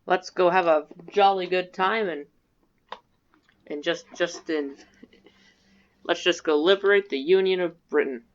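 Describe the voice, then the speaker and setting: A woman's voice: on the low side, unhurried, pauses often. A woman giving casual, rambling, self-mocking commentary while playing a strategy game, in a dull lo-fi recording. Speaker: gaming video creator. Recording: dull lo-fi mic.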